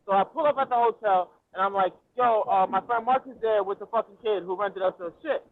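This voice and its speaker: A man telling a story over casual chat, profane and excitable, with slangy street talk. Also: high-pitched, fairly quick. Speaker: storyteller guest. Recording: tinny phone-like audio.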